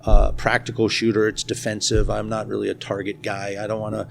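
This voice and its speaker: Gravelly man telling gun-range stories. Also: on the low side, completely flat delivery, a little fast. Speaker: interview guest, firearms instructor and school nurse. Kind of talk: casual interview chat. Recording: faint background noise at a conference.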